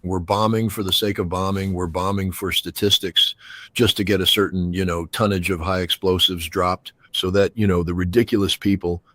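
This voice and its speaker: Blunt deep-voiced older man. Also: little pitch movement, moderate pace, a bit bright, no room sound. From United States. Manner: blunt and emphatic, heavy on "you know" fillers. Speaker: guest commentator. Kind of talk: opinionated geopolitical analysis.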